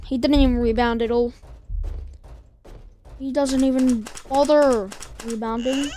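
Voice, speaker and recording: Woman streamer, high voice, slow unhurried chatter over a game, greets the monsters. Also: darkish tone, slight background noise. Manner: chatty, talks to the game's monsters and counts doors aloud. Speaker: gameplay streamer. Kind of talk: casual let's-play commentary.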